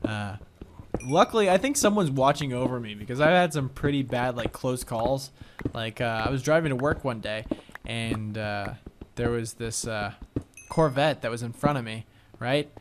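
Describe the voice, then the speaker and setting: Clicking and other background noise come through in this home recording of a young let's play commentator. Medium in pitch, he rambles through stories full of fillers while casually commenting on the game he's playing.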